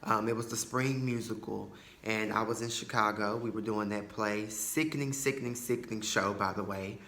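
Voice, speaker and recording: Bright-voiced man telling a story. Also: fairly low pitch, steady tone, normal speed, roomy sound. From Tyler, Texas. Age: 20s. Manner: chatty, many fillers and asides. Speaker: podcast host. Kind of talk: casual personal storytelling.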